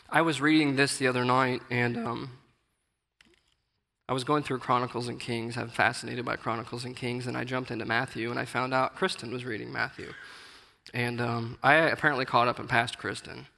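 A man's voice: medium pitch, steady tone, fairly quick, gravelly, bright, forceful tone. A man giving an informal, earnest sermon, reading scripture aloud and explaining it in a conversational way. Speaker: lay preacher. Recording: long hall reverb.

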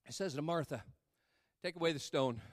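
A man's voice: a little high, normal speed, no echo, studio quality. A man preaching a sermon in church, acting out scripture scenes with playful dialogue and building to a fervent call to prayer. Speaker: pastor.

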